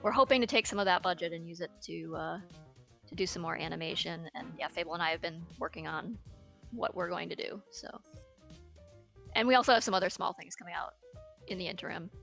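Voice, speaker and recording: A woman who works on an animated series, chatting casually on a livestream, unhurried and thinking aloud with lots of fillers. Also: fairly low pitch, vocal fry, faint music behind.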